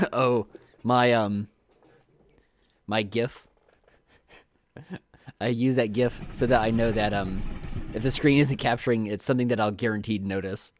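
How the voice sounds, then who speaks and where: A man's voice: medium pitch, fairly even intonation, unhurried, pauses often, a little hiss or hum. A man doing casual live game commentary, chatty and jokey, thinking aloud as he plays into a desk microphone. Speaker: streamer.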